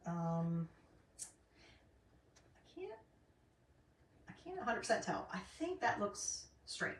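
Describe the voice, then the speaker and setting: A woman's voice: mid-range voice, big pitch swings, slow pace. A middle-aged woman chatting casually while she works on a craft, rambling with lots of ums. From North Carolina, US. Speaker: craft vlogger. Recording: roomy, distant, faint noise.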